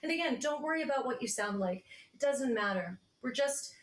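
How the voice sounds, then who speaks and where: Woman coaching a vocal warm-up. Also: sits high, brisk, roomy sound. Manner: relaxed, reassuring coaching with sung demonstrations. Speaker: choir voice teacher.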